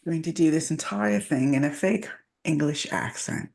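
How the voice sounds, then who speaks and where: A woman's voice: deep voice, normal speed, creaky, a little mellow. A woman co-hosting a writing workshop over a video call, chatty and bubbly, laughing often. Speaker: workshop co-host. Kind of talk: casual workshop chat.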